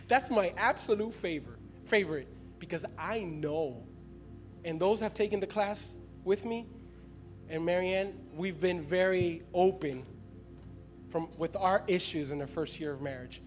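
A man in his thirties preaches as a pastor in an unhurried, high-pitched voice, laughing frequently as he speaks conversationally to his congregation. Music plays in the background.

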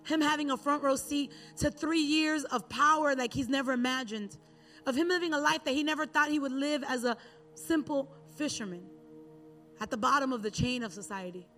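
A woman with a bright, high voice delivers a sermon as a relaxed, chatty story. A faint bed of music runs quietly underneath. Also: moderate pace. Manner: conversational storytelling with acted Bible quotes. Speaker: preacher.

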